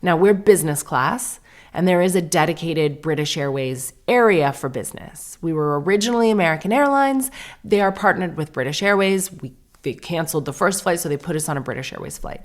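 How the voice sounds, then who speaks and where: A podcast host in her thirties tells a long story in a casual monologue, acting out the dialogue as she goes. Her lowish voice has lively intonation and moves a little fast, and she's chatty and self-deprecating throughout.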